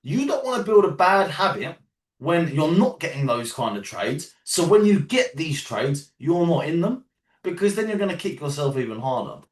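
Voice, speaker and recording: A man with a London accent runs a casual trading lesson, his voice pitched a little high and swinging widely as he drives each point home. He keeps checking in with "yeah?" and "right?" and swears in passing. He sits back from the microphone in a roomy, echoing space. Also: very animated, normal speed, far from the mic. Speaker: trading coach. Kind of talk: teaching a live group call.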